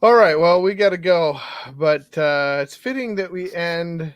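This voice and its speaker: A fairly high-pitched man hosts a podcast in relaxed chat and keeps the mood upbeat with easy laughter. The sound is close and dry. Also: unhurried, smooth, no room sound. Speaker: podcast host. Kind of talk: casual fantasy football chat.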